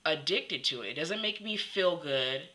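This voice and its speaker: Young woman vlogging, bright and candid. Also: low-pitched, expressive, moderate pace, poor audio. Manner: candid, rambling, fillers like "like". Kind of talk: personal confessional vlog.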